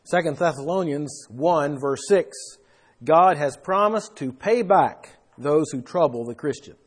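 A man's voice: a little high, lively intonation, a little slow, breathy edge. A man preaching a Bible sermon, explaining verses with emphatic rises in his voice. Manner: emphatic, rising for stress.

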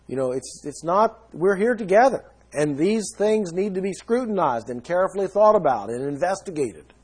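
A man delivers a sermon with a husky, breathy edge to his voice. He sits a little high in pitch and teaches earnestly, stressing key words with emphasis. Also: expressive, moderate pace. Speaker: preacher.

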